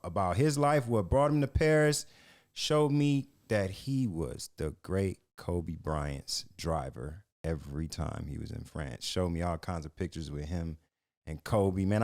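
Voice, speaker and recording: A man's voice: deep voice, animated, a little slow, a little mellow. A man co-hosting a sports podcast, telling a story in a laid-back, slangy way. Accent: American. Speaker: podcast co-host.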